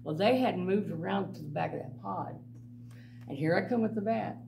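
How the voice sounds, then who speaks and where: A middle-aged woman giving a blunt, animated personal testimony to a church group, laughing often as she tells her stories. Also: on the low side, moderate pace, creaky. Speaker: mission director. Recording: distant mic with faint background noise.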